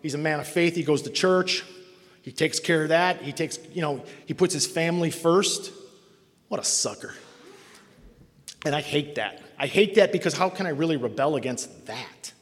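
A man's voice: a little high, moderate pace. Middle-aged guy sharing his recovery story, self-mocking and blunt, long hall echo. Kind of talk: personal testimony to a meeting.

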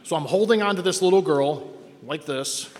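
A man's voice: on the high side, moderate pace, darkish tone. A man from Cleveland telling his own recovery story to a meeting, wry and self-mocking, acting out the people he quotes. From Cleveland, Ohio. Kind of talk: personal story told to an audience. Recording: long reverb from a hall.

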